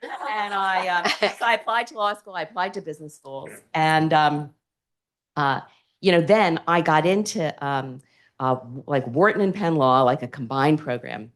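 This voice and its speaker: Animated woman telling stories on a panel. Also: low-pitched, moderate pace. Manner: animated storyteller acting out quotes. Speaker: alumna panelist. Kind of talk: storytelling on a panel.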